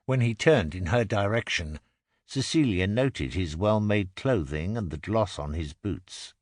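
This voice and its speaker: A man narrates an audiobook in a low voice that rises and falls with the story. His pacing stays measured and expressive. The recording is close and dry, from a booth. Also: no echo. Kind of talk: scripted narration. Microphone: close studio mic.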